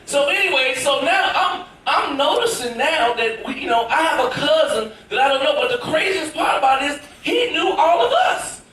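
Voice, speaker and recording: A stand-up comedian, a man from Tennessee, tells a story with big animated emphasis in a high, bright voice. He is heard from far off in a very echoey theater. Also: moderate pace, few pauses. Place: cruise ship theater with audience. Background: audience laughter.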